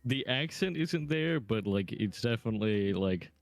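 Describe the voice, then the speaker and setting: A man's voice: lowish voice, lively intonation, moderate pace, no echo, faint music behind. Young man who slurs his words. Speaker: podcast co-host. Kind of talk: casual chat.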